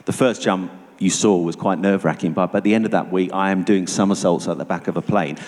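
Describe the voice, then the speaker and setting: A man giving a personal testimony to an audience as a guest speaker, telling it vividly and going hushed at tense moments. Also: sits low, fairly even intonation, brisk. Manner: vivid storytelling, dropping to hushed tones for tension. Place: church hall. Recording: long reverb of a church hall.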